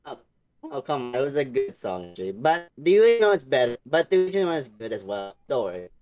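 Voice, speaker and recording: A young man co-hosting a casual online chat, sounding sheepish and apologetic, often halting. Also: medium pitch, big pitch swings, darkish tone, muffled recording. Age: young adult. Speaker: co-host.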